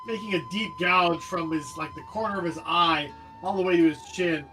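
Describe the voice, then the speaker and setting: Male game master, high voice, animated and jokey, faint music underneath. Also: a little fast. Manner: animated, jokey, describes vividly. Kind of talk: narrating a tabletop game. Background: faint background music.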